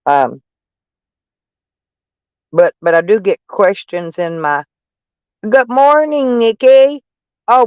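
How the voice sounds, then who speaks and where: A man from Arkansas with a Southern drawl chats on a live stream, rambling through viewer comments and poking fun at himself. His voice sits high for a man and comes across smooth and polished. The sound is dry and close, with no room echo. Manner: rambling, joking and self-mocking, breaks into laughs.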